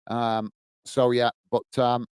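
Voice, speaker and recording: A man's voice: medium pitch, flat delivery, takes it slowly, darkish tone, clean tone, dry recording. A man hosting a football watch-along stream, chatting casually and reading out viewer comments to answer them. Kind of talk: live-stream casual chat.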